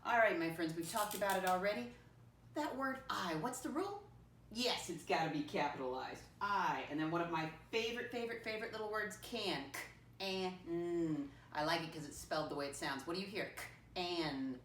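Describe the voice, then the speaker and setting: Lady teacher walking little kids thru math, slow and patient, sounds far off in a boomy room. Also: expressive, fairly bright tone, slight background noise. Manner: patient call-and-response teaching, slowly spelling out words letter by letter; keeps addressing children as "my friends". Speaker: first grade teacher. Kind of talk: classroom math lesson for young children. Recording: echoey room, voice from a distance.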